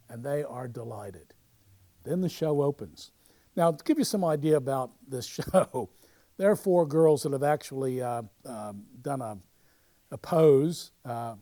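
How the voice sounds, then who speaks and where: A man, a local theatre society historian, narrating over show footage in a chatty, halting way with many fillers and restarts, lively when telling a story. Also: mid-range voice.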